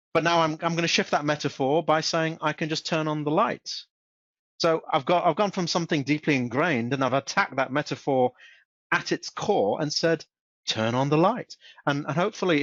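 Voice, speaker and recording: A man presenting a casual webinar on self-help. He often stumbles, repeats his words and restarts his sentences, and he reads example sentences in a flat voice. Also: medium pitch, no room sound. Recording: dull, dry close-mic recording.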